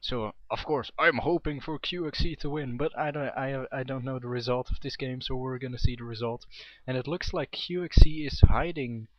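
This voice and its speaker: Commentating an amateur esports game, this young man rambles chattily and keeps correcting himself. He speaks at medium pitch and normal speed with few pauses, and the dull home-mic recording is dry, without echo.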